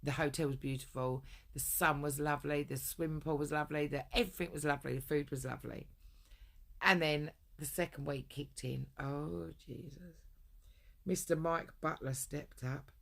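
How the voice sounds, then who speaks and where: A woman's voice: deep voice, fairly even intonation, brisk, gravelly. A woman telling a long personal story in a rambling, blunt way, swearing often. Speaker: vlogger. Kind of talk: casual storytelling rant.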